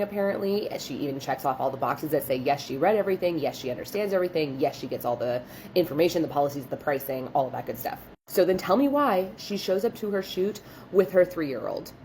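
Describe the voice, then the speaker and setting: A young woman with a notably low-pitched voice recounts a client story in a loose, chatty way. She fills her sentences with "like" and sounds openly exasperated. There is a faint background hiss. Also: a little mellow. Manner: chatty, lots of "like" fillers, exasperated. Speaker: boudoir photographer and studio owner. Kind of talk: casual storytime vlog.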